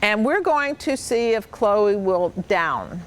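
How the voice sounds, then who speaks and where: A woman's voice: mid-range voice, big pitch swings, takes it slowly. A woman dog trainer patiently coaching children, with upbeat, sing-song praise. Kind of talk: hands-on instruction to children.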